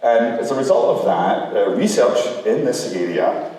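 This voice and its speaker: A man's voice: medium pitch, normal speed. Distant, echoey man lecturing in a hall. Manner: animated, humorous anecdotes. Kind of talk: lecture with storytelling. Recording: echoey hall, recorded from far off.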